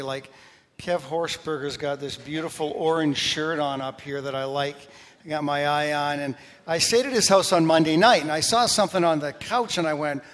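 A pastor delivers his sermon in a church, telling jokey stories with lots of energy. His voice sits a little high for a man. The sound carries a long reverb from the sanctuary. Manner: animated, joking storyteller.

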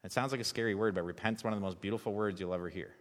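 A man preaching a sermon as pastor, relaxed and conversational, joking with the congregation. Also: on the low side, very fast, big-room sound.

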